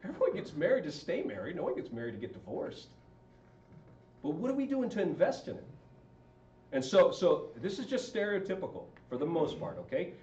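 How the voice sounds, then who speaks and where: Man, middle-aged, fairly high voice, joking talk to an audience, far from the mic, echoey room. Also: big pitch swings, a little fast, darkish tone. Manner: conversational, joking, asks the audience questions. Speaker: marriage counselor and wedding officiant. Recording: roomy, distant and dull with faint rumble.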